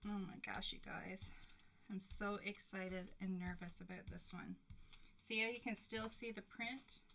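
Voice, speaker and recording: A woman hosting a live crafting stream, excitable and giggly as she chats to her viewers. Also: medium pitch, measured pace, gravelly, slight background noise. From Canada. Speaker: craft livestream host. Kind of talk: live crafting demo chat.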